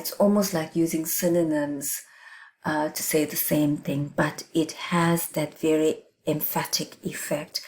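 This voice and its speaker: A middle-aged woman teacher explains writing techniques for an exam, leaning hard on key words and checking in with her students. Her voice sits low and sounds warm and mellow. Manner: emphatic, explains with examples and checks in with "right?". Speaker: English teacher. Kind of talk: exam revision lesson.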